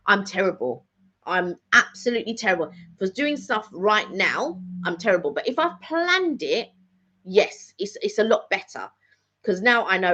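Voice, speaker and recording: This middle-aged woman's mid-range voice swings widely in pitch at a moderate pace, with a slightly bright quality. Hosting a live catch-up vlog, she rambles through casual chat and repeats phrases often, all captured in dull lo-fi audio.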